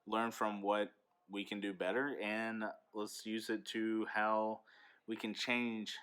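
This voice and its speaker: A man's voice: on the low side, flat delivery, slow pace, fairly bright tone, clean tone. A man who teaches eighth grade, chatting frankly and telling stories in a casual vlog into a handheld phone.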